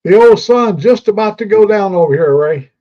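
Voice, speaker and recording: A man joking loudly in a casual group voice chat. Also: high-pitched, lively intonation, normal speed, highs cut off.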